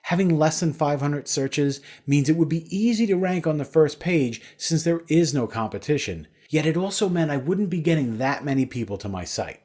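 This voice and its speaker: A man's voice: on the high side, animated, normal speed, few pauses, darkish tone. A man narrating a scripted sales webinar in a persuasive, storytelling way.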